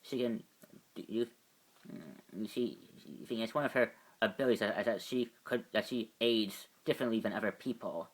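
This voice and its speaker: A man voicing a wistful middle-aged doctor father, rambling and halting as he tells his past. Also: lowish voice, breathy edge. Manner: rambling, halting, repeats "you see". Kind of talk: amateur fan voice acting.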